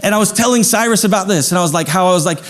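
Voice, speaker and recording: A man in his thirties, a pastor from Idaho, telling a personal story in a sermon, lively at first and then dropping to a soft, slow hush. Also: sits high.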